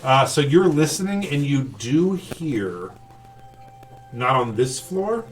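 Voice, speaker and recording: A man running a tabletop game, describing a scene in a middle-pitched voice that keeps stopping for "um" and restarting. He sounds set back from the mic, with soft music playing underneath. Casual and unpolished. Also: big pitch swings, slow, distant mic. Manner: hesitant, lots of ums and restarts. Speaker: game master.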